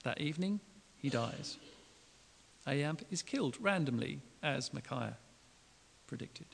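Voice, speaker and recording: A man preaching a sermon, retelling a Bible story in a lively, colloquial way and acting out the quotes. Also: mid-range voice, unhurried, vocal fry, husky. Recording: long hall reverb.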